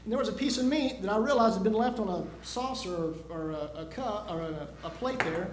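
High voiced preacher man, tells a story then gets loud and emphatic, echoey church sound. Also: lively intonation, fairly quick, background noise. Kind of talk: sermon.

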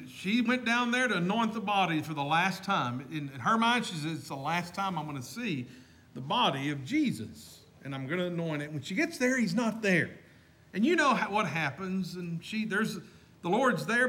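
Man, preacher, husky voice, lively pitch that climbs and drops, dramatic sermon storytelling. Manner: dramatic retelling, shifting loud to hushed.

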